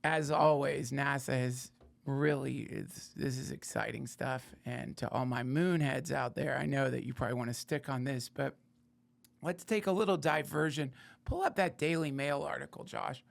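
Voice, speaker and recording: Gravelly, profane comedic podcast host. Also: male voice, mid-range voice, moderate pace. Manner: sardonic, profane, digressive. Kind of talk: rambling comedic monologue.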